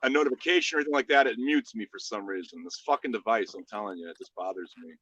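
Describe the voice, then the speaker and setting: Man, livestream host, profane animated storyteller, bright tone. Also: on the low side, quick pace, husky, lo-fi sound. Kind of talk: casual chat.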